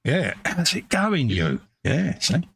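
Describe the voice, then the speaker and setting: A man's voice: on the high side, wildly swooping pitch, slow pace, vocal fry, a bit bright, husky. A man co-hosting a live model-building stream, joking around, teasing his co-host and greeting viewers in the chat. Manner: jokey, self-mocking, greets chat viewers. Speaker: livestream co-host. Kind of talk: casual banter while model building.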